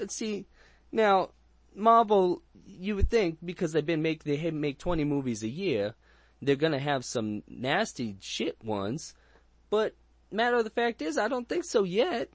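A man with a slightly high voice hosts a loose movie review chat, rambling, crude and jokey. He restarts his sentences often, recorded close on a dry mic. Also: no room sound. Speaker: podcast host.

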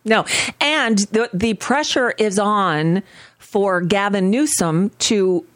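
A woman's voice: mid-range voice, takes it slowly. A woman co-hosting a casual political chat, blunt and emphatic in her opinions. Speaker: co-host.

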